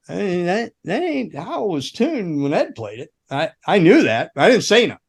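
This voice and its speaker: A middle-aged man, a former roadie and guitar tech, telling long rambling stories in casual chat, swearing often and laughing along, jumping into sudden high voices to act out the people in them. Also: sing-song, normal speed, creaky. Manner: rambling, profane, laughs through his stories.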